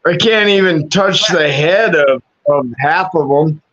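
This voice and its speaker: A man's voice: fairly high pitch, a little slow, fairly bright tone, highs cut off. A man in casual chat, crude and joking, swearing heavily. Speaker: podcast co-host. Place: at home.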